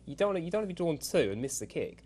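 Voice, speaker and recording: A man's voice: on the high side, big pitch swings, very fast, a little mellow, slight background noise. A man talking through horse racing tactics in a casual chat, thinking aloud and repeating words as he goes. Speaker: racing pundit.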